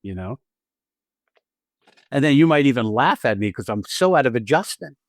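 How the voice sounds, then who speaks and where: A man co-hosting a podcast about acting, chatting in an animated way, acting out quotes and often laughing. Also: mid-range voice, normal speed, no room sound, studio quality. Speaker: podcast co-host and acting teacher. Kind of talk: casual conversational podcast chat.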